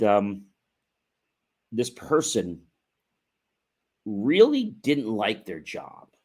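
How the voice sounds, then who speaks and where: A man hosting a motivational livestream, talking earnestly and repeating himself, with frequent fillers and asides to "ladies and gentlemen". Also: on the low side. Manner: measured delivery with frequent fillers. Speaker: host.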